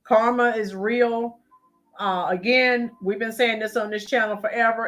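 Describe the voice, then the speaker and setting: A woman's voice: fairly high pitch, unhurried, a bit bright. A woman hosting a live-stream, giving emphatic political commentary and talking to chat viewers by name. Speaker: channel host.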